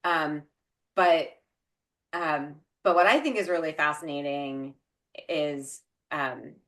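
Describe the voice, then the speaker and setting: A woman co-hosting a parenting podcast, talking thoughtfully and pausing on fillers. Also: deep voice, fairly bright tone. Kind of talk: casual conversation.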